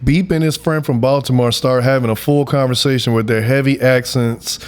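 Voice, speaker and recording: A young adult man co-hosting a podcast in casual, joking banter, animated and repeating phrases for laughs. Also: mid-range voice, fairly quick, clean tone. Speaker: podcast co-host.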